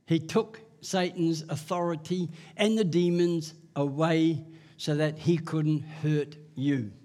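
A man's voice: on the high side, fairly even intonation, slow pace, mellow. A man preaching a sermon. He tells personal testimony in a folksy way and chuckles at himself.

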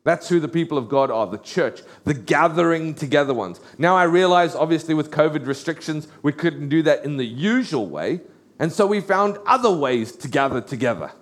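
A pastor giving a sermon in an earnest way, repeating key phrases for emphasis. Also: male voice, fairly high pitch, animated, normal speed.

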